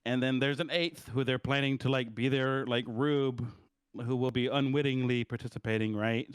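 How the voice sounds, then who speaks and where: Smooth-voiced man rambling in casual chat. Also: medium pitch, fairly even intonation, moderate pace, dry recording. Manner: profane, rambling, checks in with "right?". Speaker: podcast co-host. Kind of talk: casual film review chat.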